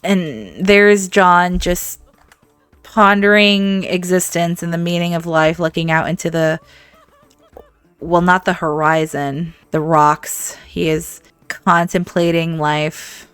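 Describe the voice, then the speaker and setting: Animated woman giving game commentary. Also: fairly low pitch, slow, smooth, dry recording. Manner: animated, laughing often, talks to viewers. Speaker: gaming channel host. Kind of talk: let's-play game commentary.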